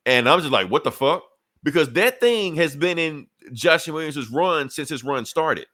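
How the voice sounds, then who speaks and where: A man on a podcast excitedly recapping a comic book, swearing and acting out the characters' lines in a casual chat. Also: mid-range voice, moderate pace, no echo, clean studio sound. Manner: animated storyteller acting out quoted lines, profane. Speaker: podcast co-host.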